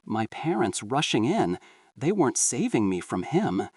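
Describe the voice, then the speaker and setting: A man narrating a horror story in a dramatic, expressive way. His mid-pitched voice rises and falls with lively swings. The recording is dry, with the mic set a little back. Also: measured pace, no room sound, distant mic.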